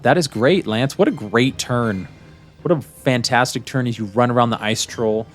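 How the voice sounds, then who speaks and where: A man running a tabletop game as dungeon master, narrating playfully with quick voiced asides. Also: medium pitch, soft background music.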